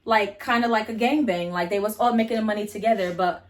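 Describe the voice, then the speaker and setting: A woman's voice: medium pitch, quick pace. A young adult woman vlogger telling a casual storytime, blunt and profane, chatty with lots of fillers.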